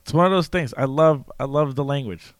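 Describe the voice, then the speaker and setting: A young man chatting and joking, excitable and prone to slipping into silly accents. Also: mid-range voice, a little fast, no room sound. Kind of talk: casual chat.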